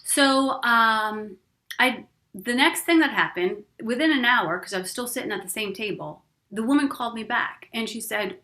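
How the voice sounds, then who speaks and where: A woman giving a casual spiritual teaching talk. She tells personal stories in a chatty, expressive way, laughs often and speaks straight to the listener. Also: on the high side, normal speed. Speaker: spiritual teacher leading a course.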